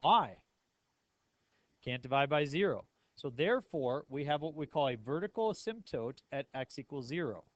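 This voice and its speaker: A man's voice: on the high side, lively intonation, moderate pace, no echo, muffled recording. A male math teacher lecturing a class in a playful way, asking his students many questions.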